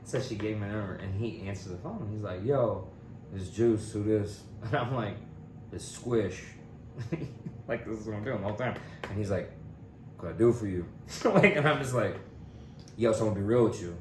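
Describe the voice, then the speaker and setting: A young man from Kentucky telling stories on a podcast in a casual, animated way, jumping into high voices to quote people. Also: normal speed. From Louisville, Kentucky. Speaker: podcast co-host. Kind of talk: casual storytelling chat. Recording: echoey room with background noise.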